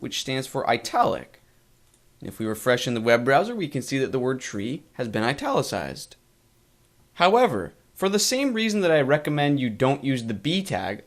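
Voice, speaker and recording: Animated man teaching web coding. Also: medium pitch. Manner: clear, methodical explanation. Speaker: coding instructor. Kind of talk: screen-recorded tutorial narration.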